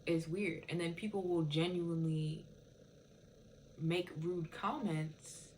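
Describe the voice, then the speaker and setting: A woman's voice: on the low side, steady tone, slow pace, darkish tone, slight background noise, rough recording. A woman telling a rambling, profane storytime rant in casual speech, full of fillers like "it's just like". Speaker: TikTok viewer telling a story.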